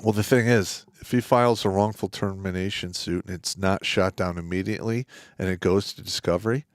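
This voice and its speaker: A man with a lowish voice co-hosting a livestream, blunt and profane, often tossing in quick agreements. The sound is close and dry, with no room around it. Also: steady tone, dry recording. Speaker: livestream co-host. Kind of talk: casual livestream chat.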